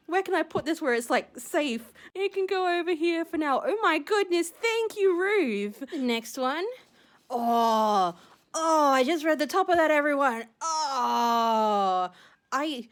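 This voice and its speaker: A young woman talks to her viewers in a casual vlog, gushing and rambling with plenty of fillers. Her voice sits high and swoops all over the place. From Australia. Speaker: shell-collecting vlogger.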